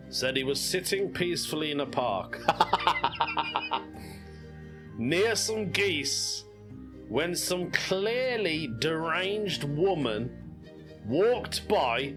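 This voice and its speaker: A British man in his thirties hosts a casual solo podcast, his fairly high voice very animated though he takes it slowly. He laughs often and talks in a playful, giggly way over faint background music.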